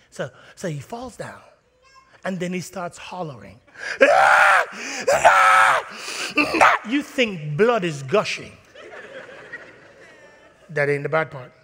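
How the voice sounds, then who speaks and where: A man preaching a sermon in a church, animated and playful, acting out little scenes. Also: a little high, slightly rough. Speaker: pastor. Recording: long reverb of a church hall.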